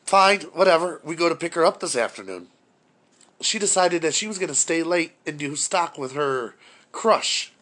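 A man's voice: on the high side, lively intonation, moderate pace, pushed and bright. A man telling a profane, exasperated story about his day in casual chat.

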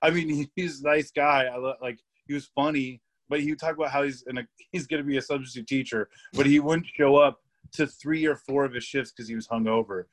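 A man's voice: mid-range voice, fairly even intonation, fairly quick. A young man guesting on a podcast, telling work stories in a rambling, laughing way with lots of fillers and swearing. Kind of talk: casual storytelling chat.

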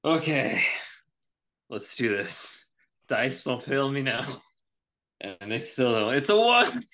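A man's voice: mid-range voice, takes it slowly, a bit bright. A man playing a tabletop role-playing game who laughs often and stays easygoing. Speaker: player. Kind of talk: casual tabletop game play.

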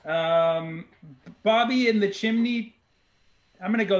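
A man's voice: high voice, slow pace. A man in casual chat, joking around and laughing easily with friends. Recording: crowd chatter behind.

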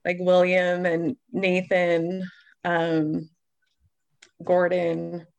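A woman's voice: lowish voice, completely flat delivery, very slow, gravelly. A woman recalling her past in a casual group chat, rambling and chatty.

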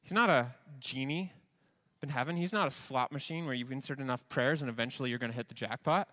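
A man's voice: medium pitch, quick pace, sharp tone. A man preaching a sermon to a congregation, earnest, with quoted asides and restarts. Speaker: pastor.

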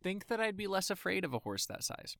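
A man's voice: high-pitched, big pitch swings, a little fast, creaky, fairly bright tone, no echo, studio quality. A man co-hosting a podcast, chatting casually and playfully and reading news quotes aloud. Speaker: podcast co-host.

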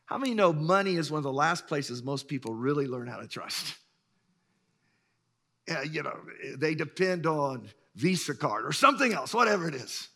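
A pastor in his sixties preaching a sermon, emphatic and swinging between loud bursts and hushed lines. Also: a little high, big pitch swings, normal speed. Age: 60s.

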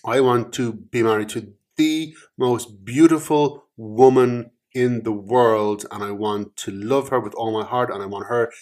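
A man's voice: medium pitch, steady tone, unhurried, hardly any pauses, a little mellow, close to an everyday voice. A man voicing a lucky guy who stammers eagerly through his wishes, in a slightly raised voice.

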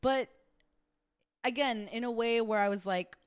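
A woman's voice: on the high side, unhurried, smooth. A woman co-hosting a podcast in casual chat, talking with lots of fillers and easy laughter. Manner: chatty, frequent fillers and laughter. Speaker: podcast co-host.

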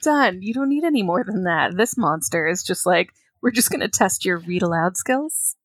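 A woman's voice: fairly low pitch, animated, normal speed, no echo. A woman co-hosting a casual podcast, chatting dryly with frequent laughs, swearing offhandedly and reading a long synopsis aloud. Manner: reads a synopsis aloud at length. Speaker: podcast co-host. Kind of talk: casual chat.

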